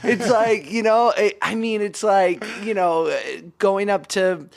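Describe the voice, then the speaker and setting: Podcast host guy, kinda high voice, fast chatty talker, agrees with everything. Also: steady tone. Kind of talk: casual chat.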